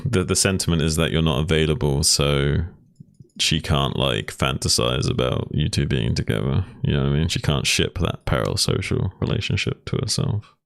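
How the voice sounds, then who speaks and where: A man's voice: rumbling low, normal speed, vocal fry, a bit bright, clear, resonant tone, no echo, clean studio sound. A man who casts games, chatting casually in a rambling, teasing way. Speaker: game caster. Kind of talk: casual chat.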